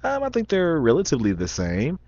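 Fairly quick and darkish in tone, the vlogger's voice sits on the high side and swoops wildly in pitch. He's a young man with a slight Southern Indiana accent who rambles through questions aloud with many ums and restarts; the lo-fi sound is dull and dry, no echo.

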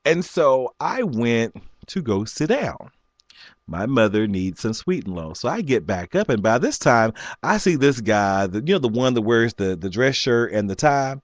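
A man in his forties telling a story in an animated rant, laughing often and jumping up high when he quotes people. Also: normal speed, dry recording. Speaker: vlogger.

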